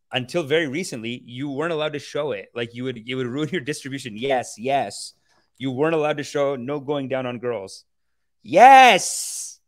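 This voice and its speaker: A man hosting a podcast, chatting casually and reacting to a film trailer in an animated, profane, rambling way. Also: medium pitch. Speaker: podcast host.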